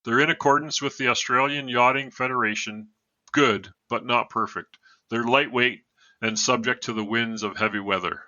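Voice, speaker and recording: A man with a very bright, forward voice tells a true story as a podcast guest, moving from read narration to casual asides. The sound is dry and a little dull, as if on a modest home mic. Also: mid-range voice, steady tone, normal speed, no room sound.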